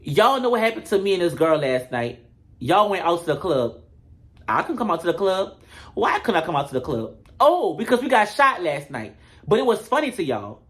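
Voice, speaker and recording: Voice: mid-range voice, voice pushed up, close to an everyday voice. A comedic recapper voicing an indignant woman who confronts her friends. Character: indignant woman airing grievances.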